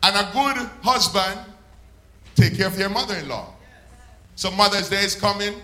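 A male pastor preaching a sermon, swelling up and then slowing down hard for emphasis. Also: sits high, animated, sharp tone. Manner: preaching with sudden swells and slow drawn-out emphasis. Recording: echoey church room.

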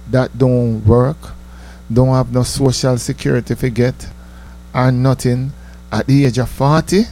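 A man, telling stories in a casual, animated monologue that he breaks with laughs. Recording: low mains hum.

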